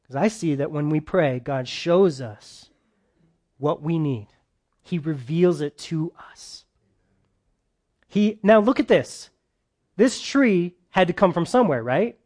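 A man delivers a casual, talky sermon in a voice sitting a little above the usual male range. He keeps checking in with his listeners through quick questions and moves between loud emphasis and hushed asides. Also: a little high, animated. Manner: chatty, asks listeners questions, swings between loud and soft. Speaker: preacher. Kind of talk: conversational sermon.

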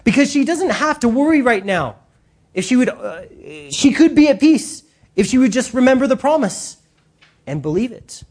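Animated, emphatic preacher. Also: high-pitched, moderate pace. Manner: emphatic, animated, talks to the congregation. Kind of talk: sermon.

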